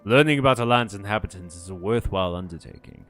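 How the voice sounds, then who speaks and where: A man's voice: on the low side, fast, fairly bright tone, faint music behind, pitched below the performer's own voice, natural voice. A man voicing a stern, formal female bug warrior who speaks in archaic phrasing.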